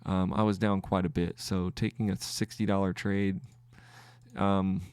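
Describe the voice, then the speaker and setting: Recorded in studio quality with a dry, clean sound, a male trading podcast host thinks aloud through his trades live. He speaks low with little pitch movement and a darkish tone, halting and restarting while tallying wins and losses.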